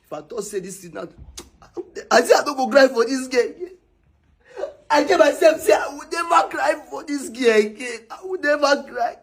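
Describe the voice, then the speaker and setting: An actor with a Nigerian accent playing a distraught husband who wails and repeats himself. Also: male voice, very high voice, expressive, normal speed, gravelly, heavily acted. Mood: lamenting. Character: distraught husband crying over his wife. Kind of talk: comedy skit acting.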